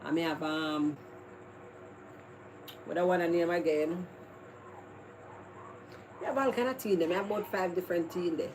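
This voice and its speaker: A woman's voice: on the low side, normal speed, long pauses, darkish tone. A Jamaican woman hosting a casual live stream, chatting with viewers in a rambling, chatty way that is full of laughs. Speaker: livestream host. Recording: noisy background ambience.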